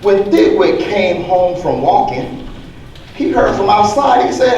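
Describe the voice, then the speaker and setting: A man's voice: high voice, expressive, measured pace, a little mellow. Brief: man storyteller, sing-song read-aloud, distant mic, roomy echo, faint noise. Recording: echoey hall from far off, faint noise.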